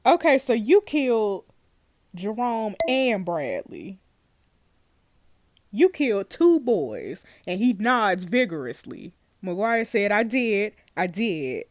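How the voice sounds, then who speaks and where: A woman reacts loudly to a story game, addressing her viewers with animated outbursts and frequent laughter. Her voice is mid-pitched, recorded dry and close with no room echo. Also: takes it slowly. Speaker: gaming video host.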